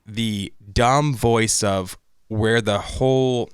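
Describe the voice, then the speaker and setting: A man's voice: fairly low pitch, extremely slow, clear, resonant tone, no room sound. Guy on an anime podcast goofing around, doing bits of character lines, dry close mic. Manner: joking, animated, acts out character lines. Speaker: podcast co-host. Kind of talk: casual anime recap chat.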